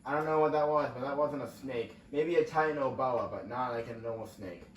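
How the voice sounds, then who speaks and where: In a muffled recording with a little hiss or hum, a young gaming host speaks a little fast at medium pitch, rambling through a racing game and reacting to the action. The let's-play audio sounds roomy and distant, with faint ambience.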